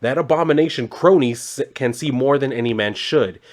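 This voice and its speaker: A man's voice: medium pitch, fairly quick, pitched above the performer's own voice, close to an everyday voice. A man reading the lines of a boastful ancient male shark guardian from a comic, declaiming. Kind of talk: reading comic dialogue aloud.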